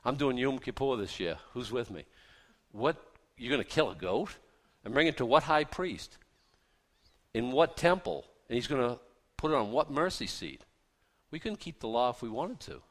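Folksy, animated male preacher. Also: medium pitch, normal speed. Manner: animated, acts out voices of biblical figures; folksy, punchy delivery with rhetorical questions. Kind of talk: sermon.

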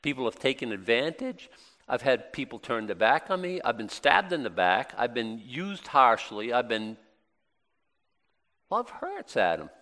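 A man's voice: mid-range voice, very animated, normal speed, sharp tone, in a large hall. A middle-aged man preaching a sermon in a conversational way, with plenty of rhetorical questions and repeated phrases.

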